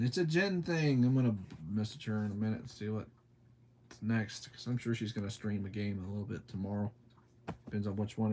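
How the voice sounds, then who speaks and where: A young man from the southern United States chats on a live stream in a lowish, darkish voice, drawling in a laid-back way as he answers chat comments and laughs a lot. A faint hiss or hum is audible.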